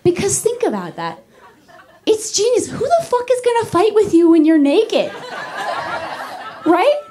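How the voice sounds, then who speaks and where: A woman's voice: very high voice, normal speed, noisy background. A woman in her thirties doing a stand-up comedy set, brash and profane, telling stories with big energy. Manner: brash, profane, animated storytelling. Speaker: stand-up comic. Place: comedy club stage.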